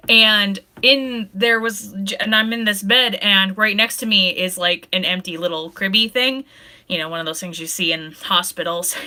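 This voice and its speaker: A woman's voice: mid-range voice, pushed and bright. A young woman, a pregnant streamer, chatting casually and rambling, often laughing, now and then tearful. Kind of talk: casual chat with live chat.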